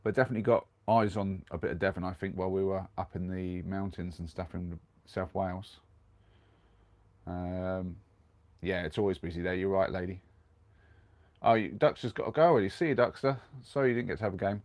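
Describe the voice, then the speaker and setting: Man with a cold, low voice, rambling stream chat, dry close sound. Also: fairly even intonation, a little fast, darkish tone, no room sound. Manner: rambling, chatty, reads viewer comments aloud. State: has a cold. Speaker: live streamer. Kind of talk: casual live-stream chat. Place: inside a camper van.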